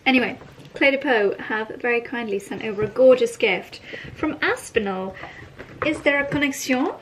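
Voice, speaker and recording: A woman with a slightly high voice talks to camera in a casual, chatty vlog. She sounds playful and giggly. Faint background noise sits under her voice in a room at home. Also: normal speed, a bit bright, poor audio. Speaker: lifestyle vlogger. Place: at home indoors.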